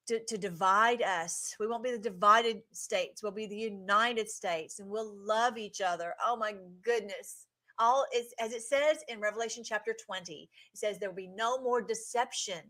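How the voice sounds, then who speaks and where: A woman's voice: mid-range voice, sharp tone. A woman hosting a casual livestream, commenting on clips in an effusive, emotional way with many restarts.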